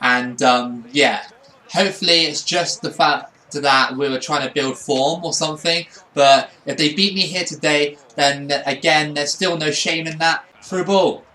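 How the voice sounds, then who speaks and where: A man giving excitable play-by-play commentary over his own football video game, swinging between quiet asides and shouts. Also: a little high, unhurried. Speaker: gaming channel host.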